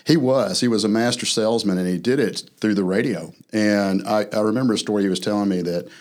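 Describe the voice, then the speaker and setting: A man chatting casually as a guest, telling relaxed stories about his father. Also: fairly low pitch, fast talker. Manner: relaxed storytelling, laughs easily. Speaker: guest, son of the radio host. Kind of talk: casual conversation.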